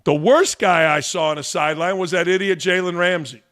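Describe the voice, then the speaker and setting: A man's voice: high voice, steady tone, fairly quick, a bit bright. A man hosting a sports talk show, giving blunt, combative opinions. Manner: blunt and combative, talks back to the audience.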